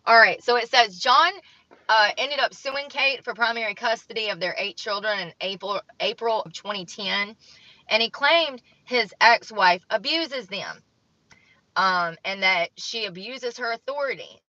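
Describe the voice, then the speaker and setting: A young woman vlogger reads from an article and weighs in bluntly with judgmental commentary. Her voice sits a little high and sounds bright and forceful. The recording is dull and lo-fi, in a dry room with no echo. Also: measured pace. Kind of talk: opinionated commentary, reading from an article.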